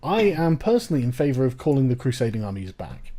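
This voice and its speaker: A man's voice: medium pitch, very animated, quick pace, mellow. A man hosting a casual political chat, ranting with profanity and sarcasm. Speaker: host.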